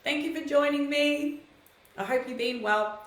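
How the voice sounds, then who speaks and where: A woman's voice: high voice, measured pace, fairly bright tone, reverberant, low-quality recording. A woman hosting a live stream, telling personal stories in a casual, chatty way and greeting viewers by name.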